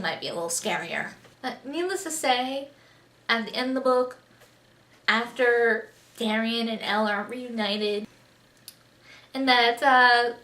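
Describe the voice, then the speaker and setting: Woman book vlogger, chatty and effusive, slightly high voice, echoey room. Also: a bit bright. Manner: gushing, chatty, heavy on "like" and "just". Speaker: book reviewer. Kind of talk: casual book review vlog.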